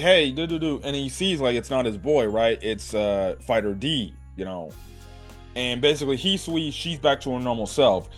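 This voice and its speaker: A man talks through an anime episode in a loose, rambling recap. His voice sits at an ordinary middle pitch, and he swears freely and keeps tossing in "right?" A little music plays faintly under him. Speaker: anime reviewer.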